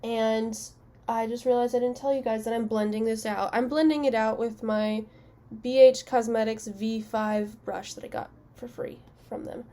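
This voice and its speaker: Young woman, fairly high voice, casual makeup vlogger who tells chatty self-mocking stories. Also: fairly even intonation, normal speed, warm tone. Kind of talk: casual storytelling while doing makeup.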